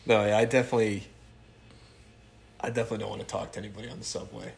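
A man hosting a casual podcast chat, easygoing and quick to react. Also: on the low side, flat delivery, vocal fry, a little hiss or hum.

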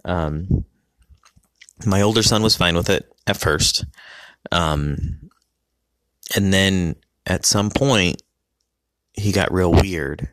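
A man casually telling a personal story about his family, halting with many ums and restarts. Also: low-pitched, a bit bright, dry recording, studio quality.

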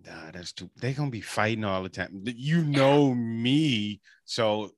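A man's voice: mid-range voice, a little slow, dry recording, studio quality. A man in casual podcast chat, laid-back and joking.

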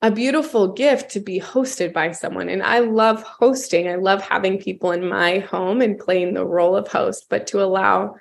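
Woman guest, gravelly voice, earnest and halting, lots of ums as she tells her stories. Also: medium pitch, fairly even intonation. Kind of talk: reflective storytelling.

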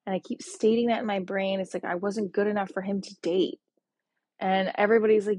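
A woman in her forties hosts her own podcast, working through a sad, upset personal monologue that rambles emotionally and restarts often. Her mid-range voice is brisk with a breathy edge and fairly even intonation, recorded with no echo.

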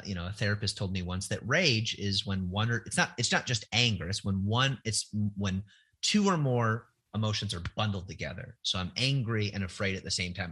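The voice belongs to a middle-aged man, fairly low in pitch, husky, pushed and bright. Telling candid personal stories conversationally, he sounds earnest and reflective, yet hesitant, with frequent fillers and restarts.

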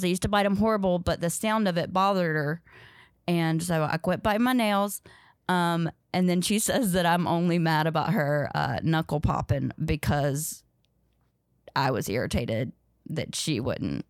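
A woman's voice: lowish voice, normal speed, no room sound, studio quality. A young woman telling funny stories on a podcast, acting out the other people's lines. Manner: animated storyteller, acts out quotes, laughs often. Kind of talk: casual storytelling chat.

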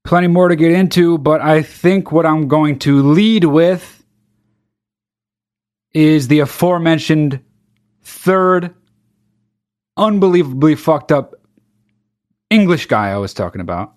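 A man's voice: on the high side, slow pace, pauses often, a little mellow. A man hosting a podcast, ranting sarcastically and profanely as he reads a news story aloud. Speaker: podcast host. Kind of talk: casual comedic podcast rant.

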